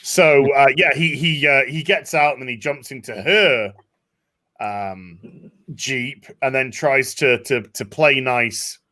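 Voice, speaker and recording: A man hosting a casual discussion, animated, acting out quotes. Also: medium pitch, slow pace. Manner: animated, acts out quotes in voices. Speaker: podcast host.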